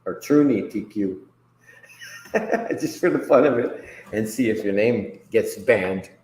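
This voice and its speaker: A man's voice: lowish voice, unhurried, a little mellow, echoey room, low-quality recording. A man hosting a casual livestream chat, rambling and profane, laughing often between remarks. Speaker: host.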